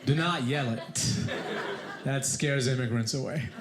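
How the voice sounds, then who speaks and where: A man with a foreign accent doing animated stand-up storytelling with deadpan asides on a comedy club stage. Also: medium pitch, a little slow, very noisy. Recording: echoey club with loud laughter.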